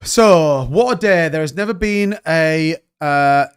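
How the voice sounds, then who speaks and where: A man's voice: a little high, slow, clean tone. A man hosting a casual livestream, joking and bantering as he reads out chat comments. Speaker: crypto livestream host.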